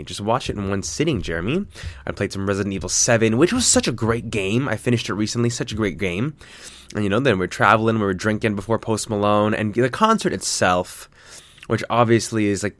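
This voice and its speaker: A young man rambles through a casual vlog, chatty and self-deprecating, and his voice leaps upward when something excites him. His voice sits on the low side. The sound is close and dry, with no room echo. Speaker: vlogger.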